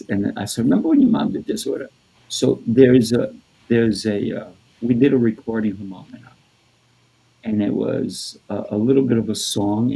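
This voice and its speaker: Man, co-host, husky, dark tone, halting casual storytelling. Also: fairly low pitch, low-quality recording. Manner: halting, repeats words, laughs easily. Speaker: podcast co-host.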